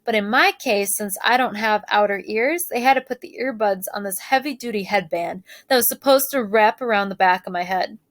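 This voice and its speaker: Teacher lady reading a book out loud, steady clear voice, no echo. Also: medium pitch, fairly quick, few pauses. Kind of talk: reading a novel aloud.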